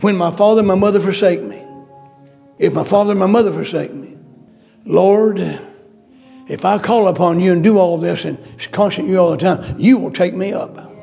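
Male preacher, raised pitch, heavy gravel, faint music underneath; pleading, repetitive delivery. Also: normal speed, dark tone. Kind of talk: sermon.

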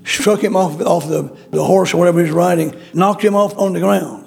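A man's voice: high voice, steady tone, brisk, gravelly, a little mellow. A man preaching a sermon, emphatic and repetitive, acting out the voices in the story he tells. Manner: repetitive, emphatic, acts out quotes.

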